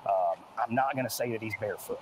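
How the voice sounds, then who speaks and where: A male law enforcement officer, speaking fast in a fairly low voice, fields questions at an outdoor press briefing at a search site. He comes across earnest and plain-spoken, with noise in the background.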